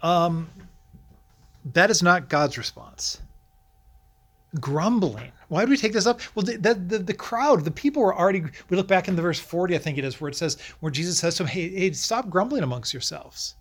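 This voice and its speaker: Man preaching with animated questions. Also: sits high, moderate pace. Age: middle-aged. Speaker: pastor. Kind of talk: sermon.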